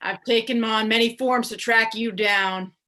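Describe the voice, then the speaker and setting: A woman's voice: on the high side, fairly even intonation, unhurried, bright, forceful tone. A woman voicing a possessed man who turns into a menacing western villain, speaking with a slangy drawl in a live play reading.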